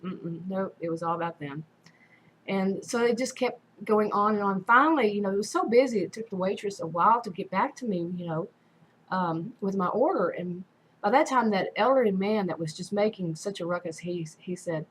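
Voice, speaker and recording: A woman's voice: mid-range voice, fairly quick, slight background noise, rough recording. Rambling woman telling a story. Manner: rambling, many fillers and restarts. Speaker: vlogger. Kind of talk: casual storytelling.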